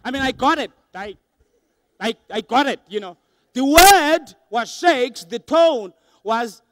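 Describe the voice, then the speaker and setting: A young adult man giving an animated motivational keynote to a large audience, acting out voices for laughs. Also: extremely high pitch, a little slow, slight background noise. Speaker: motivational speaker. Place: large hall with a live audience.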